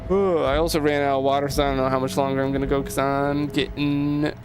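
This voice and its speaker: A man's voice: mid-range voice, level tone, quick pace, background noise. A man streaming a game, rambling in a loose, casual way and swearing now and then.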